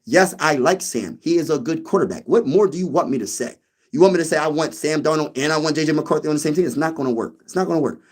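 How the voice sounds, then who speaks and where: A young man from Pennsylvania hosting a casual sports talk stream, slangy and animated, repeating lines for emphasis. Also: fairly high pitch, fast. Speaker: sports show host. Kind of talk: casual live-stream chat.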